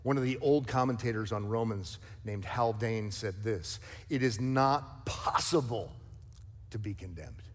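A man's voice: lowish voice, measured pace, in a large hall. A male pastor preaching a sermon, emphatic and conversational, with light jokes and asides. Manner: emphatic preaching with rising, forceful stresses.

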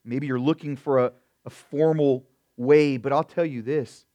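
A middle-aged man preaching a sermon as pastor, emphatic, swinging between loud stressed words and quiet asides, often calling his listeners "beloved.". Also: medium pitch, steady tone, a little slow, lo-fi sound.

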